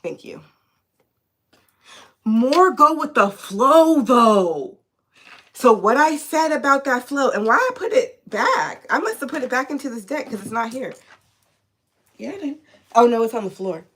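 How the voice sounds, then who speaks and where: A woman tarot reader talking live into her phone, animated and indignant, cursing freely as she vents. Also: a little high, moderate pace, husky. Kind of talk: live-streamed tarot chat.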